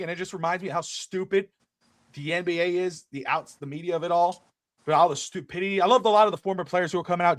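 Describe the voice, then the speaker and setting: A middle-aged man co-hosting a casual sports talk show, ranting with animated energy and swearing freely. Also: sits high, no echo, clean studio sound. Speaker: podcast co-host.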